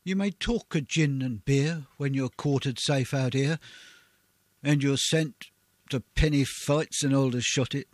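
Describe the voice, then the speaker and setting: A man's voice: mid-range voice, measured pace, dry recording. Man reciting a ballad, dry and theatrical. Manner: rhythmic, theatrical, swelling on refrains. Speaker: poetry reader. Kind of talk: dramatic poetry recitation.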